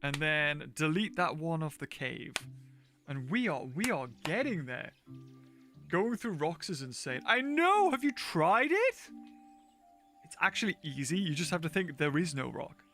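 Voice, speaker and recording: A man's voice: fairly high pitch, sing-song, unhurried, fairly bright tone, soft background music. A man chatting casually while streaming gameplay, thinking aloud, laughing often and talking to his chat. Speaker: game streamer. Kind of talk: casual livestream gameplay commentary.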